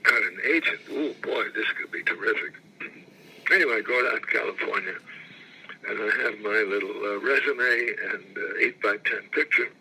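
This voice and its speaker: Gravelly older man telling career stories. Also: fairly low pitch, moderate pace, bright, forceful tone, a little hiss or hum, low-quality recording. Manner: rambling storyteller, repeats phrases, clears throat. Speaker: actor recalling his career. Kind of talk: interview anecdotes.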